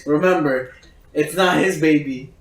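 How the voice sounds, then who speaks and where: A young man in casual podcast chat, quick to joke along. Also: on the high side. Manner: lively, quick to laugh and joke. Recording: echoey room, far, crowd behind.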